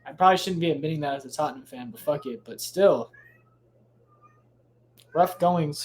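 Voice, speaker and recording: A man's voice: a little high, moderate pace, long pauses. A man hosting a solo podcast, rambling casually with lots of swearing, restarts and tangents, recording at home late at night. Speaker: podcast host.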